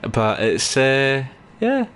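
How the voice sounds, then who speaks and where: A man's voice: medium pitch, sing-song, drawn-out words, fairly bright tone, smooth. A Scottish man chatting loosely while streaming a video game, rambling with lots of fillers. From Scotland. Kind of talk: casual gameplay commentary.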